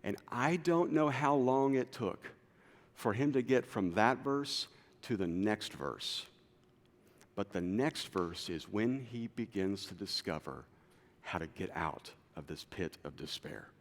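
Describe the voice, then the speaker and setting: Pastor with dramatic loud-soft swings. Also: male voice, lively intonation, slow. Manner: dynamic, swings from loud urgent to quiet low. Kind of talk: sermon. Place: church auditorium. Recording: long hall reverb.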